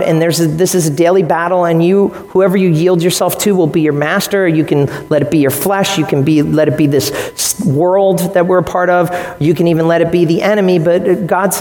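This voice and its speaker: Man, pastor mid-sermon; animated, quips to the room, voices his examples; echoey hall with a long tail. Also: sits high. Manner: animated, joking asides, acts out quoted voices. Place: church sanctuary with congregation.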